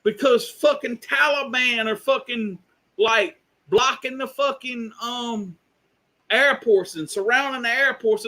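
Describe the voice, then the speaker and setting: A man's voice: extremely high pitch, bright, forceful tone. A man on a live stream delivering an angry, profane, exasperated rant.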